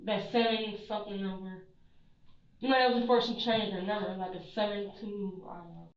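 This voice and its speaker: A young woman being questioned by police, rambling with lots of "you know" and "like" and trailing off quietly at the ends of her lines. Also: mid-range voice, fairly even intonation, a little fast. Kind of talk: police interview recording. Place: police interview room. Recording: echoey distant muffled interview-room mic.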